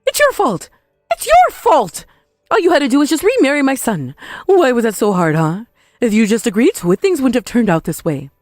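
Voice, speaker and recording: A woman playing a shrill scheming mother-in-law. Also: very animated, fast talker, darkish tone, no echo, studio quality, faint music behind. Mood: blaming. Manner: defensive, shrill, blames others. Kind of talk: text-message story voice acting.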